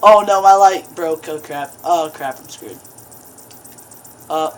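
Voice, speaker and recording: A woman's voice: low voice, slow. A woman doing horror game commentary, jumpy, breaking into screams and laughs at the scares. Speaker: gaming video host.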